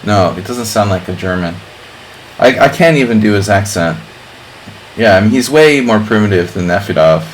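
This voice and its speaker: A man's voice: on the low side, animated, moderate pace, a little hiss or hum, low-quality recording. A middle-aged man streaming chess, chatting casually in a rambling way with lots of fillers. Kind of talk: casual live-stream chat.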